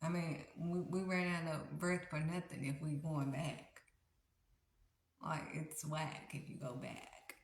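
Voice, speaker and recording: A woman with a very low voice gives a casual, earnest devotional talk, circling back to the same points. The recording is roomy and echoey. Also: steady tone, takes it slowly, slight background noise. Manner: earnest, repetitive, conversational. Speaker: faith livestream host. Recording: roomy echo.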